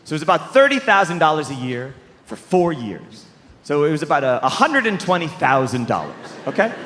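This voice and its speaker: A man performs stand-up in an exasperated, animated way, swooping up into sing-song voices. His voice is high and bright. The live recording carries the long reverb of a large theater. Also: fairly quick. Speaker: stand-up comedian. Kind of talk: stand-up set. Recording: live show with hall reverb.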